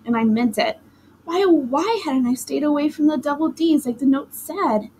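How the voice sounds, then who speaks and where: A woman reading a children's storybook aloud in a lively, dramatic first-person telling. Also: sits high, moderate pace, slight background noise, low-quality recording. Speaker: audiobook narrator.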